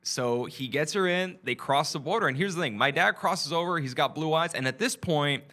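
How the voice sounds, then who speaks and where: A man, a comedian guest from Texas, telling a family story in casual, animated chat. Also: a little high, normal speed. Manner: animated, acts out quoted voices.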